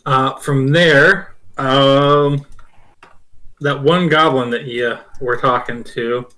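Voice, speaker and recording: A man's voice: medium pitch, steady tone, takes it slowly, bright, forceful tone, poor audio. A man narrating a tabletop game as game master, in a loose, casual way.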